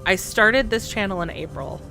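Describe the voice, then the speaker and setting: With game audio and music in the background, a woman offers casual let's-play commentary aimed at her viewers and herself. She speaks at moderate speed in a medium-pitched, bright, forceful voice.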